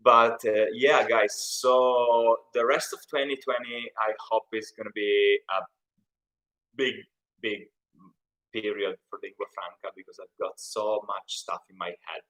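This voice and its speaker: A man's voice: fairly low pitch, fairly even intonation, a little slow, fairly bright tone, rough recording. A young Italian man with an Italian accent, hosting a casual live stream Q&A and chatting in a rambling way. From Italy. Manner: chatty, rambling, reads out chat comments. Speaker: YouTube channel host.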